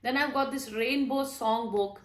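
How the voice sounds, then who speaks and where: Young woman, mother, casual how-to talk, slightly high voice, explanatory, roomy sound. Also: unhurried. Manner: friendly and explanatory, with some fillers. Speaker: mother giving reading tips for young children. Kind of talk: casual instructional talk showing books. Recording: roomy echo.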